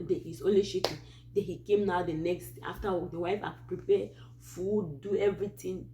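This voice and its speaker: A woman from Cameroon with a Cameroonian English accent, hosting a Christian advice channel and telling a true story in a casual, animated way with many asides. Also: fairly low pitch, measured pace, a little hiss or hum.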